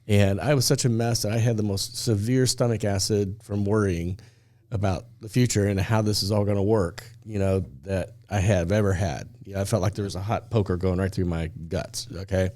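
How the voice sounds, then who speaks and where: A man's voice: on the low side, mellow, no room sound, studio quality. A man telling a personal story on a faith talk show, acting out the dialogue and laughing often.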